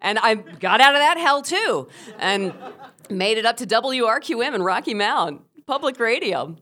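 Animated middle-aged woman telling a story. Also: fairly high pitch, normal speed. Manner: animated, emphatic, lively. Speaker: storyteller, former radio host. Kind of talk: first-person storytelling.

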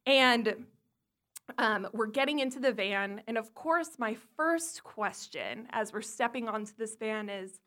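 A woman telling a funny personal story to listeners, animated and swearing freely. Her voice sits fairly high for a woman. The tone is bright and clear. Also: a little slow.

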